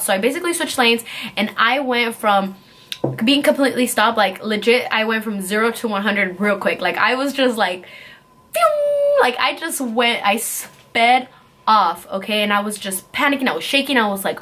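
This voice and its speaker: A young woman vlogger telling a story in a casual, fast, breathless way, full of fillers. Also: on the high side, fairly bright tone. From California.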